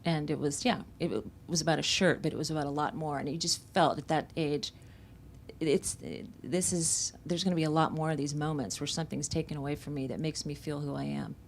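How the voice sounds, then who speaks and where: A woman's voice: sits low, fairly even intonation, fairly quick, creaky, slight background noise. A woman from Central Florida, an author at a bookstore event, telling candid, reflective stories about her memoir. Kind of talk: conversational book talk.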